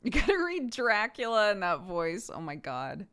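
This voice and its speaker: Lively, laughing woman streamer. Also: medium pitch, moderate pace, smooth. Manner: laughing, animated chat. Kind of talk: casual chat.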